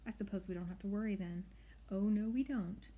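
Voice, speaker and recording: A woman's voice: medium pitch, brisk, natural voice. Woman doing a soothing old witch. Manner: soothing, gently teasing.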